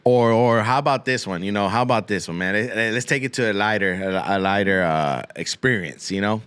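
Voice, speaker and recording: A man's voice: on the low side, brisk, a bit bright, smooth, dry recording. A man hosting a podcast, rambling through a crude comic monologue full of swearing and Spanish slang, often repeating himself. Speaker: podcast host.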